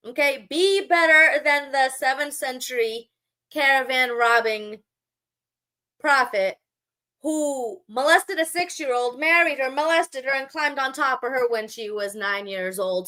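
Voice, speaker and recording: A woman's voice: high voice, measured pace, bright, forceful tone. A woman live-streaming, talking back to her chat in a sarcastic, mocking and scolding way. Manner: scolding, lecturing.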